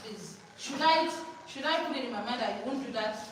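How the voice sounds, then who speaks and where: High-voiced woman drilling a hall. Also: lively intonation, brisk. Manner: call-and-response drilling, prompting listeners to finish her sentences. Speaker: teacher trainer. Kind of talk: teacher training workshop. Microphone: far from the microphone. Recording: echoey hall, distant mic, noisy.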